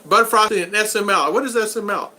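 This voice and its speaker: His voice sits high and sounds pushed and bright, and he talks fast. As host of a casual livestream, he reads viewer comments and rambles through jokey anecdotes, laughing a lot and retelling them with quoted voices.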